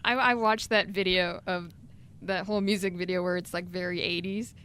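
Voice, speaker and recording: A woman's voice: lowish voice, steady tone, normal speed, a bit bright, slight background noise. A woman co-hosting a casual podcast, giggly and enthusiastic. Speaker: podcast co-host.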